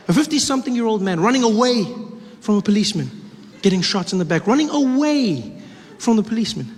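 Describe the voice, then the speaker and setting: A man performing a stand-up comedy set, animated and laughing as he tells his stories. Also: sits high, brisk, over a noisy crowd. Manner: animated, laughing, shifts into voices. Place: live comedy stage. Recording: echoey live venue, faint noise.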